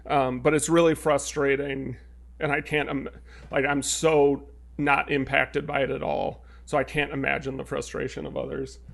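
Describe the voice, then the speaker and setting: A man's voice: mid-range voice, flat delivery, moderate pace, gravelly. A man co-hosting a podcast in casual chat, earnest and stopping to restart his thoughts. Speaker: podcast co-host.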